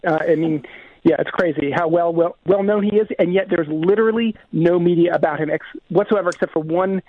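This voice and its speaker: A filmmaker being interviewed on radio over the phone, explaining earnestly and fluently. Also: male voice, fairly high pitch, fairly quick. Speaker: guest filmmaker. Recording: tinny phone line.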